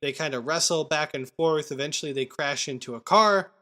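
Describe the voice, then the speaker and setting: A man co-hosts a movie podcast, casually recapping scenes, acting out quotes, and chatting with his co-host. His voice sits on the high side, moves a little fast, and has a sharp tone.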